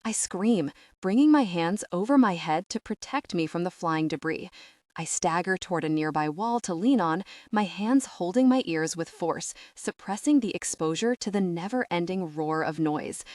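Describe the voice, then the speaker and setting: Woman, audiobook narrator, lowish voice, tense urgent reading, dry close sound. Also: lively intonation, moderate pace, no echo. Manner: tense, urgent reading that rises at shouted lines. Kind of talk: first-person audiobook narration.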